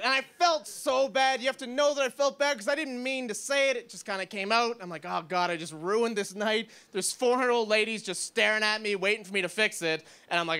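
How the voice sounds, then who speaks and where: A man's voice: very high voice, fairly quick, bright, forceful tone, smooth. A young man doing a self-deprecating stand-up routine on a comedy club stage, rambling with lots of "like" into a handheld mic.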